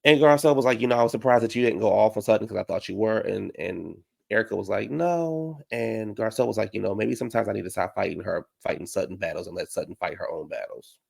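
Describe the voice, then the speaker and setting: A man giving a casual, sassy recap of a reality show, slipping into high mocking voices to act out what people said. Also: fast, gravelly, hardly any pauses, husky. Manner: dramatic, sassy, slangy, acts out quotes in high mocking voices.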